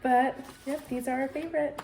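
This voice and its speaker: A woman's voice: high voice, steady tone, moderate pace, a little mellow, a little hiss or hum. A young woman in her twenties co-hosting a casual chat, giggly and chiming in with her own bits of the story. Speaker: vlogger, co-host sister. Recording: echoey room.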